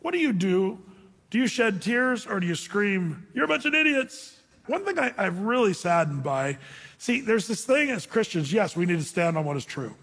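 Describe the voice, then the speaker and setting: Animated high-voiced male preacher in a hall. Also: normal speed, husky. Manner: animated, acts out quoted voices. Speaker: pastor. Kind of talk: sermon.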